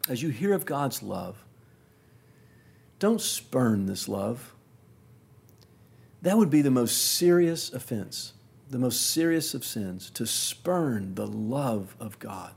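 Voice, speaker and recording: Guy preaching a sermon, kinda husky voice, repeats words for emphasis and goes quiet on the big ones. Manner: slow, emphatic build through repeated phrases; drops pitch and volume on key words.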